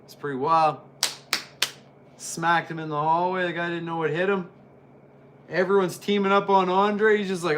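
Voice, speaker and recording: A man's voice: high-pitched, moderate pace, long pauses. A man giving casual, jokey play-by-play commentary while reviewing an old wrestling match. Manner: excitable, jokey, chatty.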